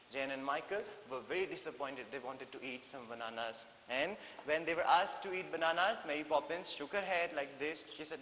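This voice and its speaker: An Indian man teaching an English lesson in a classroom, explaining slowly and repeating phrases with frequent "okay?" checks. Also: fairly high pitch, fairly bright tone. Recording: echoey hall with faint hiss.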